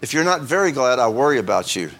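A man's voice: mid-range voice, very animated, fast, fairly bright tone. Man preaching a casual, joking sermon. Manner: conversational, joking, asks the congregation questions. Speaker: pastor. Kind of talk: informal sermon.

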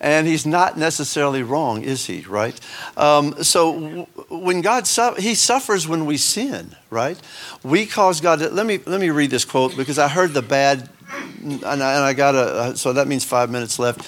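A casual Sunday school lesson comes from a man at normal speed, his voice fairly high and fairly bright. He chats with the congregation, makes joking asides, and often restarts his sentences, with many fillers.

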